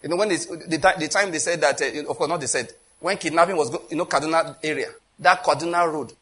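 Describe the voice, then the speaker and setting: Husky-voiced Nigerian preacher, high-pitched. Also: male voice, fast talker, fairly bright tone. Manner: storytelling with quoted dialogue, conversational; often asks if listeners get the point. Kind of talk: sermon.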